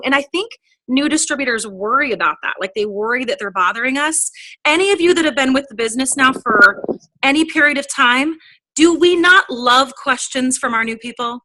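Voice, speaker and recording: A woman's voice: high voice, a little fast, sharp tone, no echo. A woman in her thirties giving a chatty, upbeat sales training talk, often acting out quoted conversations. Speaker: direct sales team trainer. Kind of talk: casual motivational training talk.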